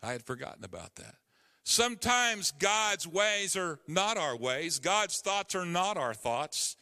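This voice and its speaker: A male pastor with a bright, forceful, somewhat high voice delivers a sermon, pressing his points with emphatic rising calls. His words ring out with a long reverb, as in a large church sanctuary. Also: big pitch swings, a little slow.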